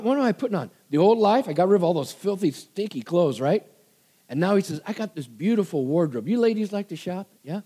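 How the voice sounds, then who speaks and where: A man's voice: sits high, warm tone. A male pastor preaching a sermon, emphatic, repeating commands and calling for amens.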